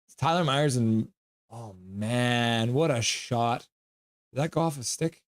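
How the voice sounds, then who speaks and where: A man hosting a live stream, reacting to a game and joking with his chat in an animated way. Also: medium pitch, measured pace, no echo, studio quality.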